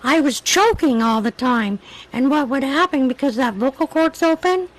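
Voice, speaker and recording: High-voiced woman with a weak voice. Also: lively intonation, moderate pace, poor audio. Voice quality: weak voice that is hard to project. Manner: chatty, rambling storyteller. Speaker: livestream host. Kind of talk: casual chat, telling a story.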